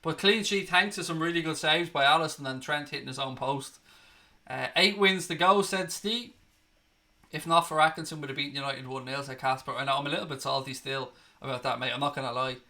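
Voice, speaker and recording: A man's voice: fairly high pitch, a little fast, pushed and bright. A young man hosting a casual live stream, reading viewer comments aloud and calling them mate and buddy.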